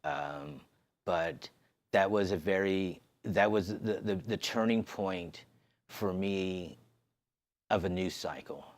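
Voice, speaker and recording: A man sharing an emotional personal testimony, halting and restarting as he talks. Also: low voice, fairly even intonation. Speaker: podcast host sharing his story. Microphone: on camera.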